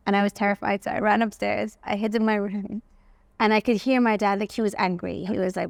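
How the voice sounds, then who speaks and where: Woman guest, gravelly tone, animated personal anecdotes, dry sound. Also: mid-range voice, brisk, no echo. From England. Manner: animated, acts out quoted voices, frequent "like". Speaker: guest, facial aesthetics practitioner. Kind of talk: personal storytelling interview.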